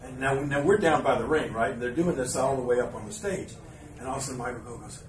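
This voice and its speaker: A man's voice: mid-range voice, fast talker. Rambling male storyteller in a roomy venue. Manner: rambling, filler-heavy anecdote with frequent restarts and asides. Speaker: podcast host. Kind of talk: storytelling before a live audience. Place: live event venue. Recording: roomy live venue, mic at a distance, background noise.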